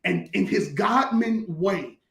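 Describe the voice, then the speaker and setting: Pastor, male, high-pitched, emphatic colloquial teller; roomy recording. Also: takes it slowly, creaky, a bit bright. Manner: emphatic, repetitive, colloquial storytelling. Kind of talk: conversational talk-show teaching.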